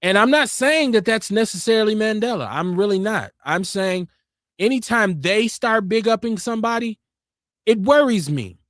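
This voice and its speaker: A man with a notably high speaking voice hosts a call-in show in casual, outspoken talk. He presses his points emphatically. The sound is close and completely dry, with no room around it. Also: lively intonation, moderate pace, a bit bright, no echo. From Milwaukee, Wisconsin, USA.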